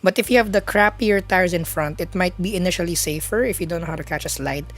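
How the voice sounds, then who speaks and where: A woman's voice: fairly low pitch, fast, soft background music. A woman live-streaming a racing game, chatting casually with viewers in a rambling way, full of fillers and restarts.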